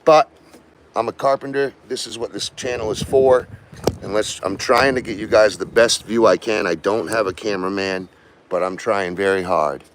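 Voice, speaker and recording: A man's voice: lowish voice, normal speed, slight background noise. A man who works as a carpenter, chatting casually and rambling to viewers while working, with some angry outbursts. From Maine, US.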